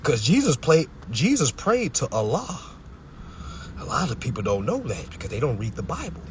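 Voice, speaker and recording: Animated, profane man ranting on a live stream. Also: medium pitch, normal speed, slight background noise. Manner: confrontational, preachy, profane.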